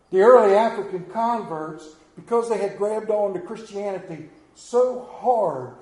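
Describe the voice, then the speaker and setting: A man's voice: sits high, warm tone, echoey room, poor audio. A man preaching a sermon as pastor, telling stories with rising and falling emphasis.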